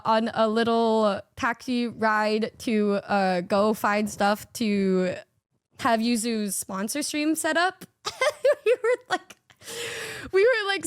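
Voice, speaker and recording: A young woman streamer telling a story in casual chat, animated, swearing often and laughing as she goes. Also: fairly high pitch, smooth, dry recording, clean studio sound.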